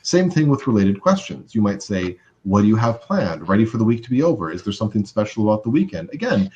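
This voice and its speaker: Male social skills trainer, low-pitched and casual, teaching over slightly muffled webinar sound. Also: sing-song, fast talker, darkish tone. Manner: casual and conversational, many fillers, mimics overreactions in a high voice.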